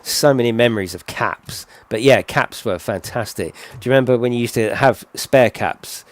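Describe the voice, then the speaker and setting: A man's voice: mid-range voice, moderate pace. A middle-aged man giving casual, rambling game commentary full of tag questions. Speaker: gaming channel host.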